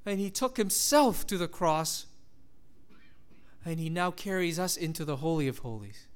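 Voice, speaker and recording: A man's voice: fairly high pitch, animated, normal speed, smooth. A man preaching a sermon, reading scripture aloud and acting out the quoted voices with animation. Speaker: pastor.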